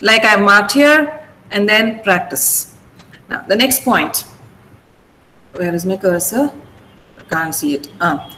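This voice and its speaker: A woman's voice: medium pitch, animated, slow pace, pauses often, pushed and bright, big-room sound, slight background noise, low-quality recording. A woman teaching an online vocabulary class over a video call, patiently repeating words to drill the stress.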